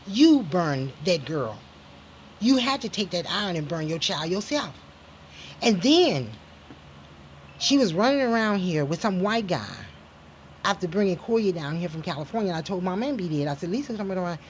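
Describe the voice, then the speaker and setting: A woman's voice: lowish voice, slight background noise, rough recording. A woman telling a family story in an angry personal monologue, profane and emphatic, flaring into heated outbursts.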